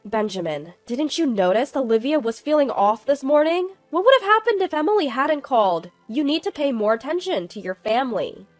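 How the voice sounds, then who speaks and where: A caring grandmother speaks gently with a stern edge, as a woman narrator puts her on. The voice sits fairly high, and the recording is dry and close. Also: sing-song, moderate pace, hardly any pauses, no echo, soft background music. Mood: concerned.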